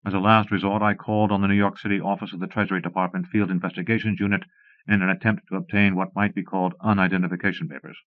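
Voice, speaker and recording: A man narrating an audiobook in a measured, wry first-person reading. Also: deep voice, little pitch movement, no echo. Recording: muffled phone-like 1990s cassette recording, dry.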